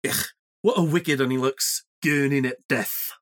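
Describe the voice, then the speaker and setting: A woman's voice: extremely low pitch, unhurried, pitched below the performer's own voice. A woman doing a scornful old Yorkshire manservant. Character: grumbling old male Yorkshire servant.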